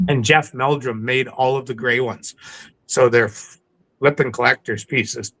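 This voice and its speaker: A man from coastal British Columbia, a podcast guest telling stories in a casual interview, animated and acting out the people he quotes. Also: mid-range voice, measured pace, a little hiss or hum, poor audio. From coastal British Columbia, Canada.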